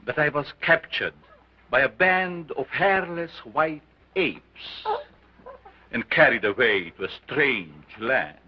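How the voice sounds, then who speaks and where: A man's voice: mid-range voice, lively intonation, slow. A grandiose sinister showman doctor. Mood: solemn. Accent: unusual foreign accent. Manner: theatrical, declaiming to a crowd. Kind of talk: 1930s film acting. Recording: dull old film soundtrack with hiss.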